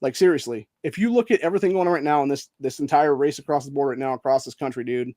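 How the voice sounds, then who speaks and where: Speaking at a quick pace in a mid-range, mellow voice, this Ohio man runs his own channel and unloads a profanity-laced political tirade, addressing everyone as "dude." The audio is clean studio quality without echo.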